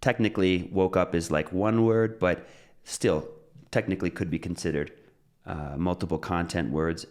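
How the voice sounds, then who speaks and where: Deep-voiced man teaching pronunciation. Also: moderate pace. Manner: relaxed, explains with examples and repeats phrases. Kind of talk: casual spoken lesson.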